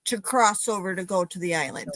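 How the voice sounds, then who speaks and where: A woman's voice: mid-range voice, fairly quick, fairly bright tone, no room sound, low-quality recording. Firm woman, dry sound. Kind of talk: casual chat.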